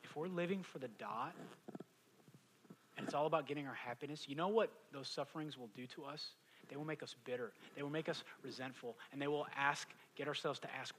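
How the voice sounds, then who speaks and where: A man in his thirties preaching a sermon, animated, swinging from loud emphatic questions to hushed quiet lines. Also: a little high, a little fast, a little hiss or hum, rough recording. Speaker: pastor.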